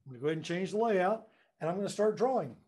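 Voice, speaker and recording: A fairly high-voiced education technology presenter gives a rapid-fire, lively webinar demo from his classroom, joking enthusiastically and speaking straight to viewers. Distant room conference microphones pick him up, giving an echoey, roomy sound.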